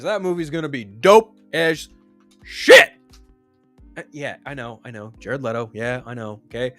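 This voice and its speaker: Animated, profane man ranting about movies. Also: a little high. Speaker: streamer. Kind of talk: casual movie news rant.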